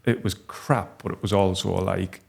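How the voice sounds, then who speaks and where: A man, telling a personal story as a podcast guest in a halting, heartfelt way with many restarts. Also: deep voice, steady tone, gravelly, a little mellow, breathy edge. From North East England. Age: 40s.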